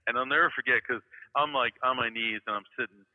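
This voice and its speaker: A man's voice: medium pitch, quick pace. Guy rambling thru a story, lots of you knows, tinny phone sound w a long echo tail. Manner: rambling, many "you know" fillers, animated retelling. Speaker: guest storyteller. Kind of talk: casual anecdote telling.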